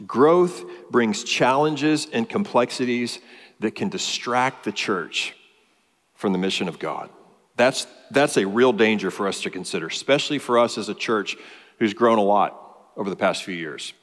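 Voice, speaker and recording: A man's voice: fairly low pitch, expressive, moderate pace, fairly bright tone, long reverb tail. A man preaching a sermon as pastor, explaining a passage and building emphasis through lists.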